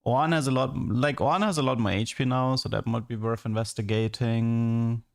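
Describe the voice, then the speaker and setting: A man's voice: medium pitch, fairly even intonation, moderate pace, vocal fry. A man streaming games and ranting in a casual, exasperated way, full of restarts and "like". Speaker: game streamer. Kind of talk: casual livestream commentary.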